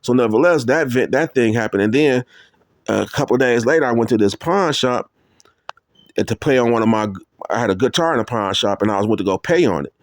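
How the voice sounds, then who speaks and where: A man telling a personal story in a casual, rambling way, full of fillers and restarts, getting higher and louder as he gets worked up. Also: animated, fairly quick, no room sound. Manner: rambling, many fillers and restarts, rises in pitch when heated. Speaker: testimony speaker.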